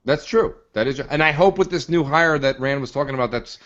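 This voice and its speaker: A man's voice: medium pitch, a little fast, fairly bright tone. A man co-hosting a podcast, ranting emphatically and swearing as he argues his point. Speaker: podcast co-host. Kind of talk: casual podcast rant. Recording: dull lo-fi audio.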